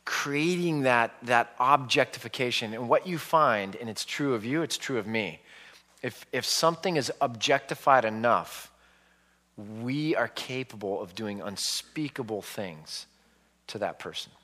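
Speaking unhurriedly in a mid-range voice inside a large hall, a forties-aged author entertains a live audience with animated stories, playing out people's reactions as he goes.

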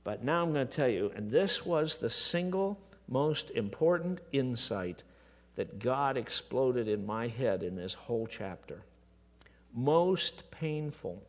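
A middle-aged man preaching a sermon, moving between quiet, hushed passages and emotional, impassioned outbursts. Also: mid-range voice, lively intonation, takes it slowly.

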